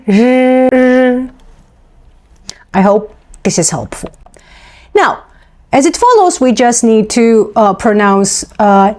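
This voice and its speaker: A woman gives a pronunciation lesson, and her voice sits a little high. She speaks very slowly and drills each syllable one at a time. Between the drills she explains patiently, with small restarts. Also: mellow. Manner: slow, deliberate repetition of syllables. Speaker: language teacher.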